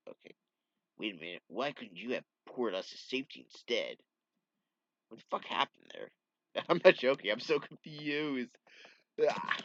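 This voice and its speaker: A man's voice: lowish voice, expressive, moderate pace, fairly bright tone, no echo. A man casually reading a comic aloud and breaking off for joking, profane asides. The recording is dull and lo-fi. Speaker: comic book reader.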